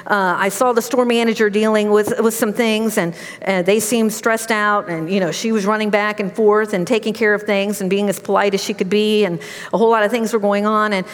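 A middle-aged woman giving a sermon, telling personal stories in a conversational, animated way. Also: mid-range voice, a little fast, big-room sound. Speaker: preacher.

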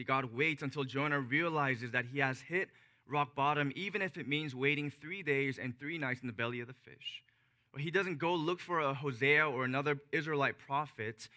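A man preaching a sermon as a pastor, emphatic, slowing and dropping to a hush on key phrases. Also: medium pitch.

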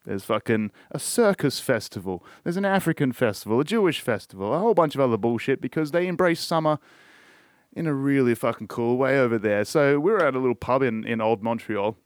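An Australian man talks on his own podcast in a loose, rambling way, swearing in nearly every sentence and shrugging off his own points. His voice sits at an ordinary middle pitch. The sound is dry and close, with no room around it. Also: expressive, brisk, no room sound. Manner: rambling, swears constantly, trails off with "I don't know". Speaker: podcast host. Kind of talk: casual solo podcast monologue.

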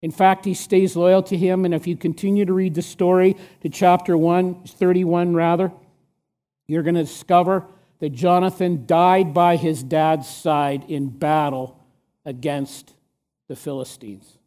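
A man preaching a sermon, emphatic and asking the listeners rhetorical questions, sometimes dropping to a hush for stress. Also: high voice, fairly even intonation, measured pace.

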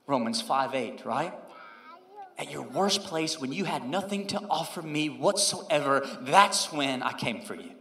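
A man in his thirties, a pastor preaching a sermon and telling a personal story, moving between loud emphasis and hushed, quoted prayer. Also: a little high, lively intonation, moderate pace. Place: church sanctuary. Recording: roomy hall reverb.

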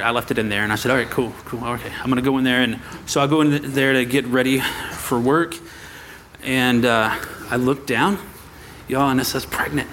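A man's voice: medium pitch, a little hiss or hum. A man, preaching a personal story to his congregation and acting out the voices in it. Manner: animated storytelling, acts out quoted voices. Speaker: pastor. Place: church sanctuary.

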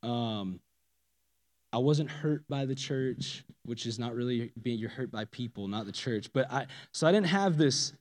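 A man's voice: mid-range voice, measured pace. Man testifying in a reverberant hall. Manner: casual and animated, swinging from loud emphasis to hushed asides. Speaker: speaker giving a personal testimony. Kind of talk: spoken testimony to a church audience. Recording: long reverb of a large hall.

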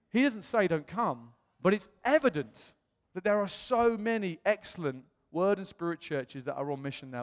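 A British man tells a story from the pulpit, bouncing into acted-out voices as he goes. His voice sits a little high for a man. The sound rings out with a long reverb through the hall. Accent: British English. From England. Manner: animated, acts out quoted voices. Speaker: pastor. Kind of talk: storytelling sermon.

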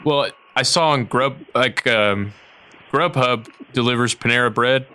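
A man with a bright, forceful mid-pitched voice hosting a comedy podcast. He makes prank calls, asking absurd questions with a straight, deadpan face. His delivery stays casual and chatty. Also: a little slow, slight background noise. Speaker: podcast host and prank caller. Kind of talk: prank phone call banter.

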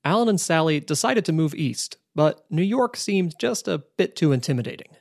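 A male narrator telling a documentary story in a measured, scripted way. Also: a little high, expressive, vocal fry, darkish tone, dry recording, clean studio sound.

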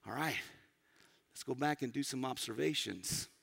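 A man's voice: medium pitch, normal speed, gravelly, breathy edge. A man preaching a teaching sermon who tells listeners what to underline, pressing key words hard and sometimes sinking to a near-whisper. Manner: emphatic, rising to loud stresses and dropping to near-whispers.

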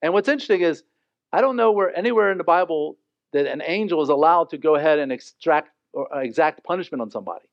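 Animated man preaching a sermon. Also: a little high, quick pace, no echo. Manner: animated, joking, acts out the characters. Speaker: pastor. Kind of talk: sermon, verse-by-verse Bible teaching. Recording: dull, dry recording.

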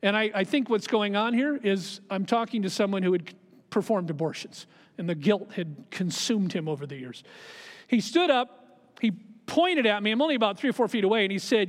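Preaching pastor in a reverberant church. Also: male voice, high-pitched, moderate pace. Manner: storytelling, shifts between quiet asides and emphatic raised lines. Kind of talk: sermon with personal story. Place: church sanctuary. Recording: long hall reverb of a church.

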